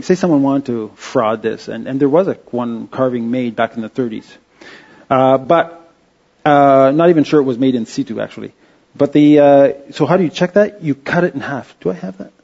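A man giving an informal slide-show talk, halting and restarting with many fillers. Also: mid-range voice, animated, mellow, lo-fi sound. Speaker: presenter.

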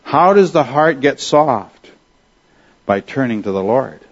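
A man delivers a sermon in a mid-pitched voice, earnest and conversational, often pausing to put questions to the congregation. The recording sounds a little dull and lo-fi. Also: expressive, slightly rough. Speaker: pastor.

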